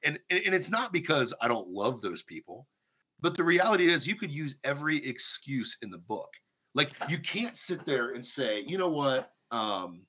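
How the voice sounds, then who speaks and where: Husky, lively man ranting. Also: medium pitch. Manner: ranting, sarcastic, emphatic. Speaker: podcast host. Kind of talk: heated opinion talk.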